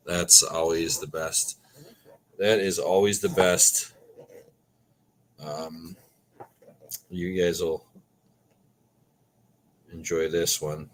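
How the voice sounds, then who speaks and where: A man from Wisconsin with a low voice and fairly bright tone hosts a casual livestream, with slight background noise. He reads viewer comments aloud from the chat, joking and swearing casually as he reminisces.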